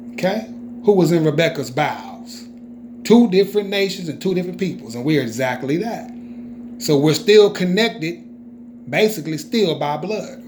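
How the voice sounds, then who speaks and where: Guy preaching scripture casual and emphatic, kinda high voice, keeps asking okay?. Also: darkish tone, slight background noise. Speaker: religious teacher. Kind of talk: informal scripture teaching.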